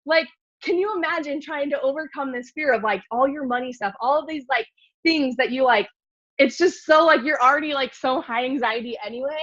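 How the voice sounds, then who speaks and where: A fast-talking woman with a high voice tells a story to a group in a loose, animated way, packed with fillers. The sound is dry and a bit dull and lo-fi. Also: no echo. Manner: animated, filler-heavy, lots of "like". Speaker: speaker at a mindset meeting.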